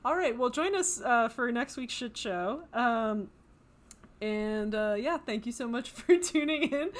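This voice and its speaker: Woman, podcast co-host, casual chat, jokey, laid-back, higher pitch. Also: a bit bright.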